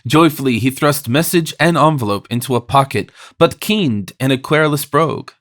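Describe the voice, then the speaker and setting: A man narrating a classic novel as an audiobook reader, in a measured literary reading style. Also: on the high side, fairly bright tone. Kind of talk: scripted narration.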